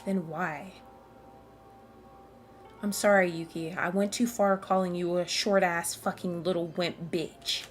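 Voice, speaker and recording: A woman voicing a sharp-tongued teenage girl with a cold, mocking manner in a video game. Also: fairly low pitch, steady tone, unhurried, pauses often, faint music behind, close to an everyday voice. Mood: brooding.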